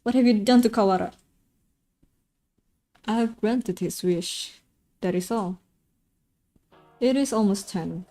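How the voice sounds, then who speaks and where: A woman voicing a cold, scheming male doctor in a visual novel, speaking calmly and formally. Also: mid-range voice, takes it slowly, pauses often. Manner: calm, formal, menacing.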